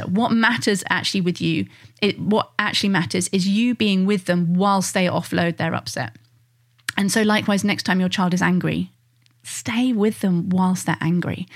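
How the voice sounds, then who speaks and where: A woman, a parenting coach talking earnestly and reassuringly to parents, acting out the quotes she gives. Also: medium pitch. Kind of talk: direct-to-listener parenting advice.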